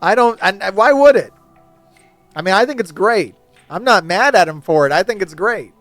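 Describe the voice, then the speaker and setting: A man's voice: high-pitched, expressive, normal speed, a bit bright, no room sound, soft background music. A man hosting his channel, ranting casually and animatedly, laughing often and slipping into mocking impressions. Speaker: host. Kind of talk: casual opinionated rant.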